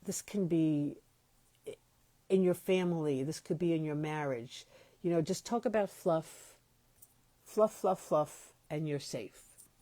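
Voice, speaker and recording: A woman hosts a reflective spiritual podcast in a low, mellow voice. She talks slowly, pausing often and correcting herself. The sound is close and dry, with no room echo. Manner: slow, pausing, self-correcting speech. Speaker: podcast host. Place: home, moved from New York to Los Angeles.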